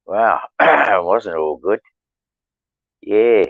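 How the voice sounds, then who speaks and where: A New Zealand man, a stonemason, telling stories in casual chat, with halting restarts and fillers. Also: on the low side, lively intonation, dry recording. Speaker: podcast guest, stonemason. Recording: dull lo-fi sound.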